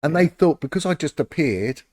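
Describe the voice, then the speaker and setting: Fairly high in pitch and moderate in pace, the voice belongs to a middle-aged Londoner who was once a detective. As a guest on a podcast, he tells lively anecdotes in a casual interview and acts out quoted voices.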